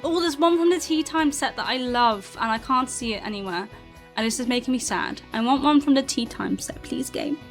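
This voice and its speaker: A woman's voice: sits high, a little fast, faint music behind. A woman from southern England with a mixed British accent, chatting casually to her live chat while playing a game and laughing often. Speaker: streamer.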